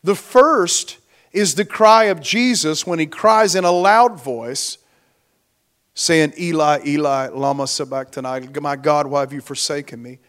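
A man preaching in a church, slow and deliberate, his voice a bit higher than most men's. He leans into key words with rising force and then lets them fall away. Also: a bit bright. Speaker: pastor. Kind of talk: sermon.

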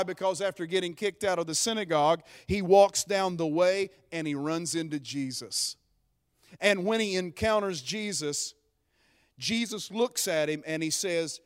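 A man preaching a sermon, retelling a Bible story in lively storytelling fashion and voicing the characters' lines. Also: sits high, big-room sound.

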